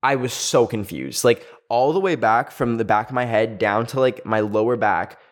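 A young man telling a story to camera in a loose, chatty way, with "like" scattered through every sentence. His voice has a middling pitch and an ordinary, everyday sound. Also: normal speed. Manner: chatty, fills speech with "like". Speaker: video creator. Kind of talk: storytime vlog.

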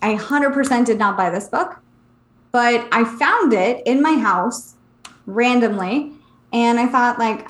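A woman co-hosting a podcast, talking about books in a relaxed, hesitant way with many "um"s. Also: a little high, slow, reverberant. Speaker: podcast co-host. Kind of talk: casual chat about books.

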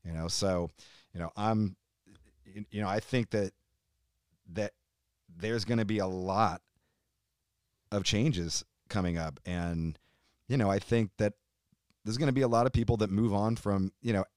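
A man's voice: on the low side, measured pace, pauses often, darkish tone, dry recording. A middle-aged American man ranting heatedly and profanely in a casual interview chat. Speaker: podcast guest, metal musician.

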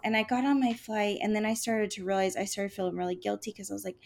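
A woman's voice: mid-range voice, fast, vocal fry, hardly any pauses. A young adult woman co-hosting a chat show, telling a story with many fillers and acted-out quotes. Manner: animated, lots of "like" fillers, acts out quotes. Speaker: podcast co-host.

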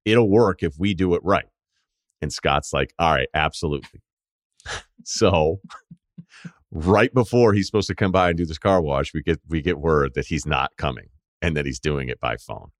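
A man's voice: extremely low pitch, normal speed, no room sound, studio quality. A man hosting a podcast, telling a rambling, profane anecdote in a casual storytelling way. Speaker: podcast host.

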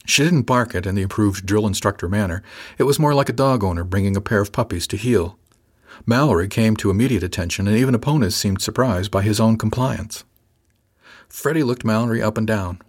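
A man with a fairly low voice reads a first-person audiobook. His delivery is measured and even, a steady storyteller. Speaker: audiobook narrator.

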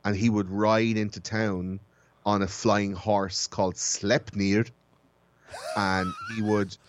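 Low-voiced man rambling through a story. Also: level tone, slow pace, noisy background. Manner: rambling storyteller, restarts phrases while explaining history. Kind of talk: casual podcast chat.

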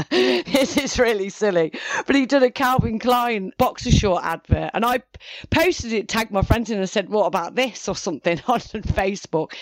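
A woman's voice: mid-range voice, dry recording, clean studio sound. A woman, telling a personal story in a rambling way, with frequent restarts and self-corrections. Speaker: interviewee. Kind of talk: personal account, casual.

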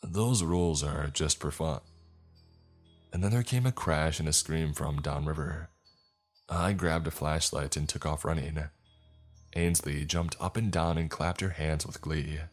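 A man's voice: extremely low pitch, normal speed, faint music behind. A man narrating a first-person story with a dry, wry delivery. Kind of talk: scripted horror story narration.

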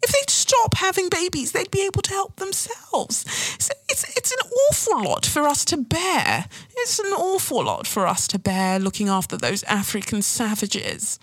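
A woman's voice: high voice, huge pitch swings, moderate pace, fairly bright tone, no echo, pitched above the performer's own voice, exaggerated voice, rough recording. A woman voicing a pompous upper-class English snob in a posh accent, drawling and condescending. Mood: snooty.

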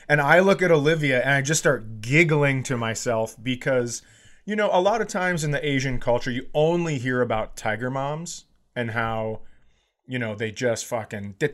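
A man in his forties tells a funny story in loose, casual chat. He acts out the people he quotes and swings between calm telling and louder bursts. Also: medium pitch, normal speed. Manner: animated, acts out quoted voices loudly. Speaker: podcast co-host.

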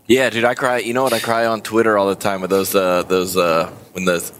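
A man's voice: fairly low pitch, little pitch movement, fairly quick, fairly bright tone. A man co-hosting a podcast, rambling and joking about himself in casual chat. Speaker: podcast co-host.

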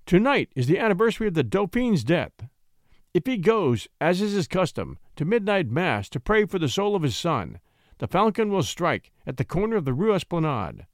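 In a classic story, a man voices a stern duke with a harsh voice, pitched higher than his own natural voice. The delivery sits high with big pitch swings at a moderate pace, in clean studio sound without echo.

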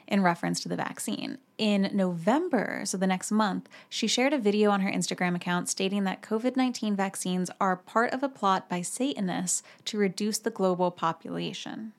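A woman's voice: mid-range voice, brisk, few pauses. Chatty young woman with a sore voice. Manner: chatty, filler-heavy, with many "like"s. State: sore, slightly hoarse voice. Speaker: podcast host. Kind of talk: casual chat.

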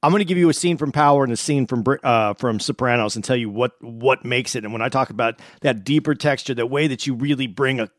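A man's voice: mid-range voice, fast talker, few pauses, no room sound. Rambling man with a dry sound. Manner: rambling, repeats words while searching for them. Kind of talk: casual podcast chat.

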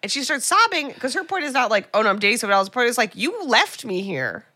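Racing and very animated, a woman with a slightly high, pushed, bright voice co-hosts a podcast in clean studio sound with no echo. She chats through a movie recap, acting out lines and throwing in sarcastic comments.

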